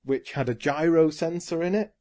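A man's voice: a little high, normal speed, dark tone. A man co-hosting a casual podcast chat, earnestly explaining things at length with ums and restarts. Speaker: podcast co-host.

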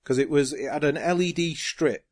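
A man's voice: on the high side, moderate pace. Earnest man explaining a game. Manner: earnest, explains at length with fillers. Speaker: podcast co-host. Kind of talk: casual chat.

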